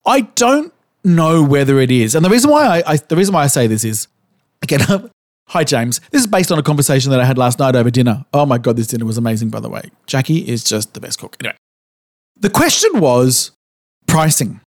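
Sing-song and brisk, a mid-range male voice co-hosts a podcast from Australia. The casual chat is animated, with probing questions and the odd swear word, recorded in a clean studio with no room sound.

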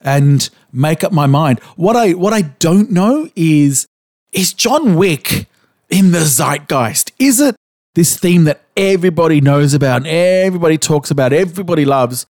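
Animated man, dry sound. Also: on the high side, normal speed, no echo. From Australia. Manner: animated, swears casually, asks probing questions. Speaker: podcast co-host. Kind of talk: casual chat.

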